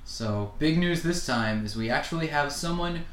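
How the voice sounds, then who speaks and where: A man's voice: fairly high pitch, animated, moderate pace, fairly bright tone, echoey room, a little hiss or hum. A man co-hosting a podcast, trading dry jokes in casual chat. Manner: dry joking banter. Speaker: podcast co-host.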